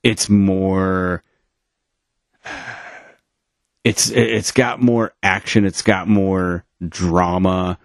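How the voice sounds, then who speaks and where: Very deep-voiced man, rambling chat. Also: fairly even intonation, extremely slow, gravelly, pauses often, no echo, studio quality. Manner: rambling, many fillers and restarts. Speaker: podcast co-host. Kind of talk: casual chat. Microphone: remote call.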